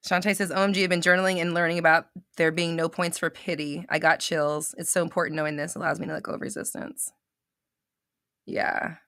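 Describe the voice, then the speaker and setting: A woman coaches her live-stream viewers in loose, unscripted talk, blunt and full of swearing. Her voice is bright and forward. The recording is dry and close, with no room echo. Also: on the low side, little pitch movement, brisk, clear, resonant tone. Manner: blunt, swearing, shifts into heated tough love.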